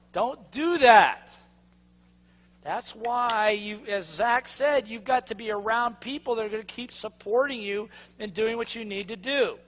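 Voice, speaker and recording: A man with a very high, bright, forceful voice drives a motivational seminar. He speaks in punchy bursts and keeps pulling answers from the audience. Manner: energetic, punchy, constantly asks the audience to respond. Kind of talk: seminar talk to a live audience.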